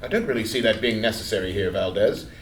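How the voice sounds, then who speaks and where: A man with an English accent playing a calm, probing agent questioning a suspect in a screenplay reading. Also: on the low side, fast talker, slight background noise, lightly acted. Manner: calm, probing, soft-spoken. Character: smooth British male interrogator agent. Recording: roomy echo.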